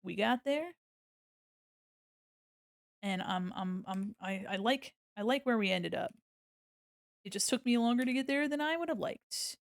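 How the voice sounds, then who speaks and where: A woman's voice: medium pitch, expressive, normal speed, no room sound. Chatty American woman, dry close sound. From United States. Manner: chatty, giggly, thinks aloud as she works. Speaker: art streamer. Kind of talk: casual chat while drawing on stream.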